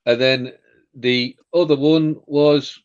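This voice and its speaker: A man's voice: medium pitch, fairly even intonation, slow, smooth. Candid man on a muffled line. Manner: candid, reflective, loose phrasing. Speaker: livestream co-host. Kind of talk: casual chat. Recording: dull lo-fi call audio.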